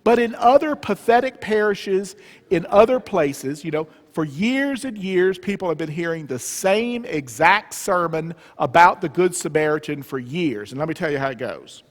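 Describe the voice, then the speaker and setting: A man's voice: a little high, animated, moderate pace. Joking Southern man preaching in church. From Southern US, Memphis area. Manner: joking, conversational, engaging the audience with questions. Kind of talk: humorous retreat talk. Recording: reverberant church hall.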